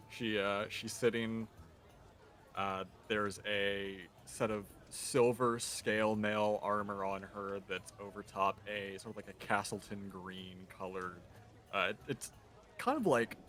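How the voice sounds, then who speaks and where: A man describing his tabletop game character, halting and searching for words. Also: fairly low pitch, pushed and bright. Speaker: player.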